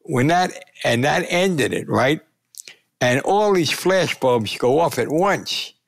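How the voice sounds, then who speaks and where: A man in his nineties, a veteran sports columnist, telling lively anecdotes in an interview. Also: fairly high pitch, takes it slowly, creaky, no room sound. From United States. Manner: animated anecdote telling, voice rising for punchlines. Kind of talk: storytelling interview.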